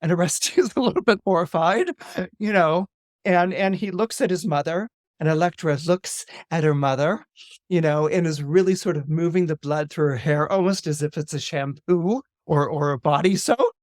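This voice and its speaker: A man, an astrologer guest on a podcast, retelling a Greek myth in a lively, dramatic way with casual asides. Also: fairly high pitch, normal speed, no room sound, clean studio sound. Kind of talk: animated myth storytelling on a podcast.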